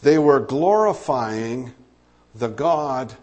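A man's voice: mid-range voice, expressive, very slow, a little mellow, highs cut off. A man preaching a sermon, teaching through a Bible passage in a conversational way, with asides and fillers.

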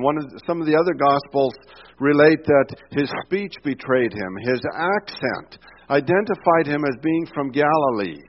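A man's voice: a little high, lively intonation, normal speed, muffled recording, slight background noise. A man preaching a sermon in a conversational way, stepping from scripture into personal asides. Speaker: pastor.

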